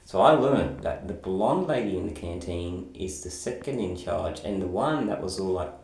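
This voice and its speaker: A man's voice: sits low, animated, normal speed, vocal fry, few pauses, darkish tone, reverberant. A young man telling a story in a casual vlog, rambling and swearing freely.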